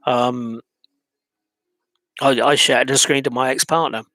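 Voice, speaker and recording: A man's voice: mid-range voice, steady tone, slow, sharp tone, dry recording. Hesitant man speaking personally to camera, mid-range voice, dry room. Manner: hesitant, many ums and restarts, reflective. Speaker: vlogger. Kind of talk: personal monologue.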